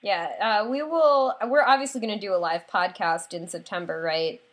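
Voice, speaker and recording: A woman's voice: mid-range voice, normal speed. Laughing woman co-hosting a podcast. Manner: animated storyteller, laughs often. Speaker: podcast co-host. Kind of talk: casual chat.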